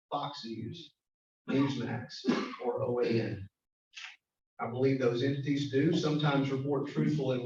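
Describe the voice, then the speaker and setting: A man's voice: mid-range voice, darkish tone, a little hiss or hum. A man giving a prepared, earnest speech to a club meeting. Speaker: guest speaker. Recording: echoey, distant, dull room recording.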